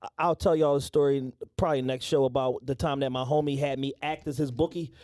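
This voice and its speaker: A man co-hosting a podcast in casual chat, chiming in with dry quick jokes and laughter. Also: medium pitch, fairly even intonation, darkish tone. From United States. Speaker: podcast co-host.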